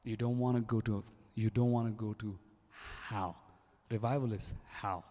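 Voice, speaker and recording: A man's voice: on the low side, steady tone, moderate pace, dark tone. A man from India with an Indian accent, preaching a sermon in a fervent, repetitive way, often restarting his phrases. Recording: long reverb of a large hall.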